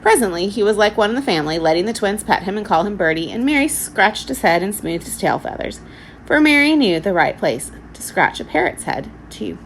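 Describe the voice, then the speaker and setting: A woman teacher reading a children's storybook aloud with expressive narration. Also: mid-range voice, brisk, slight background noise, low-quality recording.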